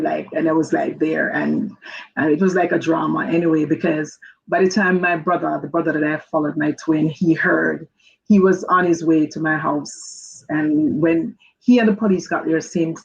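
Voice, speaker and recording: Halting woman with a gravelly voice. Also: sits low. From Jamaica. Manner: halting, many restarts and fillers. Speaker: guest. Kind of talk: personal testimony. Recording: dull lo-fi audio.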